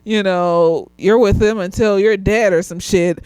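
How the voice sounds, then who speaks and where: A woman's voice: medium pitch, steady tone, measured pace, a little mellow, clear, resonant tone, no echo. A slightly tipsy woman, animatedly reviewing a TV show in casual chat, laughing often and swearing freely.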